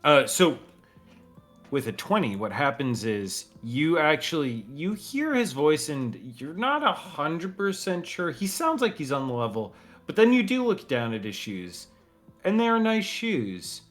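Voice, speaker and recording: A man running a tabletop game as dungeon master, narrating with hesitant pauses and laughter. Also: a little high, big pitch swings, a bit bright, faint music behind.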